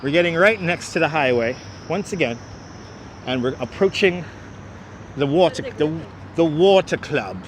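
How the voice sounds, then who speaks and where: A man's voice: fairly high pitch, animated, moderate pace, long pauses. A man with a New York accent hosting a live walking tour outdoors, chatty and jokey, talking to his viewers on a clip-on mic. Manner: chatty, jokey, addresses the chat. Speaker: livestream host. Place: outdoors on a city waterfront. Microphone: wireless clip-on mic. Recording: outdoor street noise from wireless mic.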